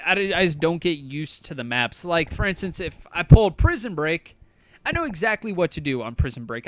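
A young man with a slightly high voice commenting on his own match. He rambles loosely, swears a lot and pokes fun at his own play. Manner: rambling, swears often, self-deprecating. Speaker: gaming YouTuber. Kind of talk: casual gameplay commentary.

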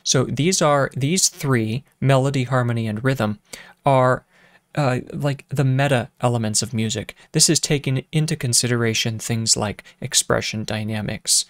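With piano in the background and no echo, a man with a mid-range voice talks at a normal speed through a casual music lecture with keyboard demos. He counts and hums rhythms aloud, thinking as he speaks with fillers and restarts.

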